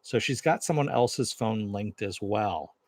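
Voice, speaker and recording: A man's voice: on the low side, animated, a little slow, darkish tone, no echo. A man reviewing a TV series, retelling an episode's scenes in a loose, casual way, paraphrasing the dialogue and filling gaps with "uh" and "kind of thing".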